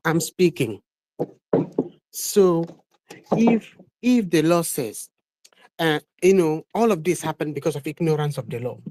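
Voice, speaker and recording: A man making a measured, slightly hesitant point in a live online discussion. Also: on the high side, lively intonation, a little mellow, no echo. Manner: measured, hesitant, with fillers and questions. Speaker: participant in an online audio discussion.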